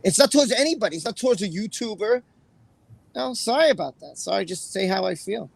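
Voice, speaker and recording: A man hosting a livestream in casual chat, his voice pitched high with a gravelly fry running through it. He reads out viewers' names one after another, and he sounds emotional and apologetic. The sound is dry and close, with no room around it. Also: animated, a little fast, no room sound, poor audio. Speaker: livestream host.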